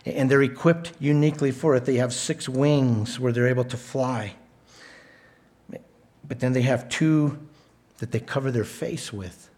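A man preaching a sermon, stressing points by repeating words, with a measured, emphatic delivery. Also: mid-range voice, a little mellow. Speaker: pastor.

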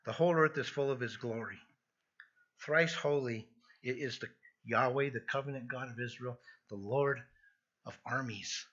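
A man's voice: medium pitch, moderate pace, a bit bright, dull audio. A man preaching an earnest expository sermon, emphatic and prone to restarting his phrases. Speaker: pastor.

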